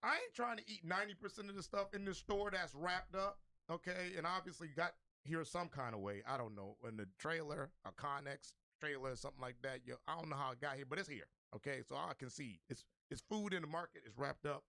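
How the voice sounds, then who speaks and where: A man who is a guest on a talk radio show, telling a funny story in an animated, joking way with plenty of street slang. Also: on the high side, brisk, creaky, few pauses, no echo, studio quality. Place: radio studio.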